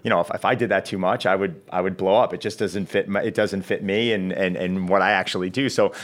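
A man's voice: low voice, steady tone, fast. A man, a fitness coach, chatting casually on a podcast and telling stories, acting out the back-and-forth of his conversations. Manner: storyteller acting out quoted dialogue.

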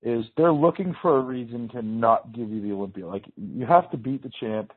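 A male podcast host talks fast and emphatically in a loose, casual way. His voice is a little husky. It comes through thin and phone-like. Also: mid-range voice. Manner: emphatic, casual, says "man" and "dude" a lot. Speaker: host, bodybuilder. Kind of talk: podcast interview. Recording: tinny phone-line audio.

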